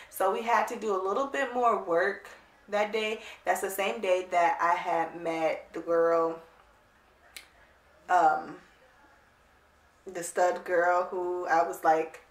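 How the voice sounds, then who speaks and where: A woman vlogger telling a casual storytime, animated, blunt and emphatic. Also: lowish voice. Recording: roomy, distant mic.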